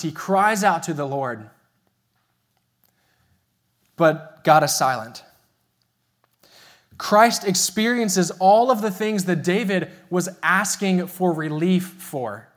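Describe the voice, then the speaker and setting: A young man preaching a sermon as pastor, telling a family story and slowing down to stress key phrases. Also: high-pitched. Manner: storytelling, earnest and emphatic, slows for key phrases.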